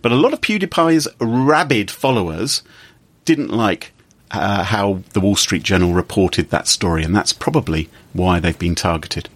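A man talks through the week's news in a casual podcast chat. His voice is a little husky and swings widely in pitch. His delivery is lively and sarcastic. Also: moderate pace. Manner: sarcastic, animated storytelling. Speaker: podcast co-host.

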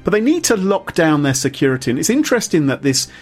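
A man co-hosting a podcast in casual chat, animated and chuckling as he reads quotes aloud. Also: on the high side, quick pace, faint music behind.

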